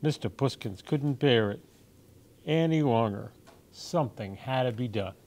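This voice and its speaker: Man for children's storytime, slow gentle read-aloud, mid pitch. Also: lively intonation. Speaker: storytime reader.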